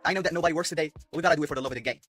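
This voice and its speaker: A man's voice: a little high, rapid-fire, fairly bright tone, no echo, faint music behind. A man playing Nora, a polite hesitant singer. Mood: reluctant. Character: famous young woman wedding singer.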